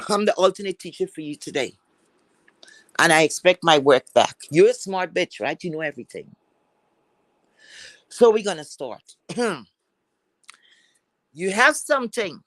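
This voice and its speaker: A woman's voice: on the low side, no room sound. A woman with an accent, hosting a livestream and delivering a profane, scolding rant at someone in a mock-teacher tone. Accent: has a non-standard accent. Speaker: livestream host. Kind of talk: angry rant to viewers.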